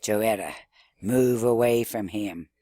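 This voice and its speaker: A man's voice: animated, darkish tone. A man voicing a hissing, furious mother. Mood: cold fury. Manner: slow, low, clipped commands. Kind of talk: reading a novel aloud.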